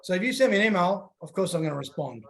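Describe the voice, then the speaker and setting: Man, coach, casual talk, acts out voices, fairly high pitch. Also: fast, gravelly. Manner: animated, acts out voices in his stories.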